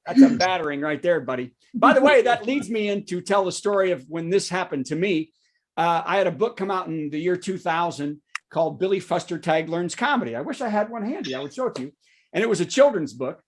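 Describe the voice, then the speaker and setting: A man, a comedian hosting a virtual show with a topical news monologue and quick asides to the audience. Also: high voice, lively intonation, a little hiss or hum. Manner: joking asides, checks in with the audience. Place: home setup for a virtual show.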